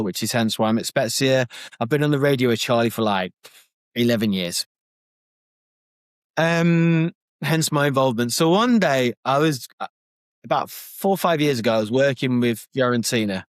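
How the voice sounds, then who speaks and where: A man co-hosting a podcast, telling an anecdote in an excitable, animated way. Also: mid-range voice, moderate pace, dry recording, clean studio sound. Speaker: podcast co-host. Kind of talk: casual anecdote-telling chat.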